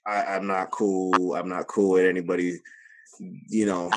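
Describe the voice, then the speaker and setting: A young man hosting a casual podcast chat, emphatic and animated, repeating himself for weight. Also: deep voice, normal speed. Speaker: podcast host.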